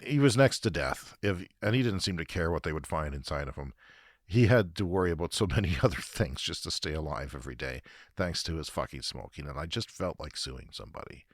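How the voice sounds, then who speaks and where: A man's voice: sits low, no echo, clean studio sound. Ranting, profane Canadian man. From Saskatchewan, Canada. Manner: profane, ranting, self-deprecating. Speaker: podcast host. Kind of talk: comedic storytelling monologue.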